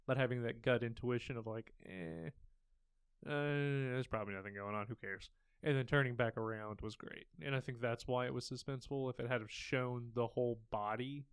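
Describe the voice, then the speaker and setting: Young male podcast co-host, smooth clean tone, dry close mic, loose chatty delivery. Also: medium pitch, no room sound. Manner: relaxed, rambling retelling with fillers. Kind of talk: casual chat.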